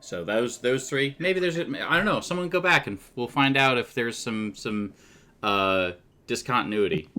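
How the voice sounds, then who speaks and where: A man running a tabletop game as game master, chatty and loose in his narration and quick to laugh. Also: mid-range voice, expressive, pushed and bright.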